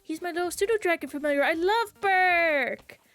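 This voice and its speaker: A woman's voice: extremely high pitch, moderate pace, a bit bright, pitched above the performer's own voice. A woman voicing a bubbly young female magic user in a gushing, sugary manner, for a tabletop role-playing character.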